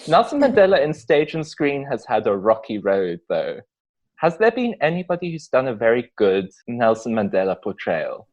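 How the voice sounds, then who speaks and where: A young South African man chatting as a podcast guest, quick and jokey, peppering his talk with "like". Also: mid-range voice, very animated, low-quality recording. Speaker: podcast guest, pop artist. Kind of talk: casual chat.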